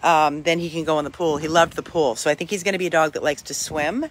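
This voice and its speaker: An older dog rescuer chatting at home while playing with a puppy, breaking into high coaxing calls to the dog. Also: steady tone, quick pace, a little hiss or hum. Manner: talks to the dog in high coaxing calls between plain remarks. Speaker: dog rescuer showing a dog for adoption. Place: home with a dog, in hot weather.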